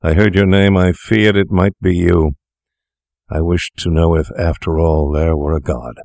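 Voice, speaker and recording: A man's voice: low-pitched, steady tone, measured pace, vocal fry, darkish tone, dry recording, clean studio sound. A man reading an audiobook, voicing a bitter, ruined old drunkard doctor in a grim, defiant way.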